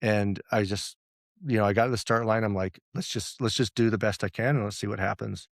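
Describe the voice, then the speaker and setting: A man's voice: fairly low pitch, steady tone, a little fast, vocal fry, no room sound, clean studio sound. A man talking as a podcast guest, telling stories and quoting his own thoughts, laughing often. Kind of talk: casual interview chat.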